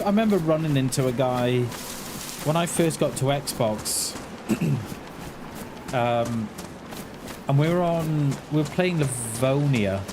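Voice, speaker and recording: A man in his forties chatting casually on a gaming livestream, rambling and halting, often restarting his words and answering his viewers in a friendly way. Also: fairly high pitch. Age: 40s. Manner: talks back to chat in a friendly, reassuring way. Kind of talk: casual livestream chat while playing. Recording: noisy home stream recording.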